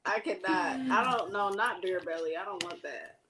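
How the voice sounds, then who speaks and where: A woman's voice: mid-range voice, moderate pace, a crowd in the background. A woman co-hosting a casual live talk show, playful and blunt, with a slangy way of talking and frequent laughter. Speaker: co-host. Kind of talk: casual chat.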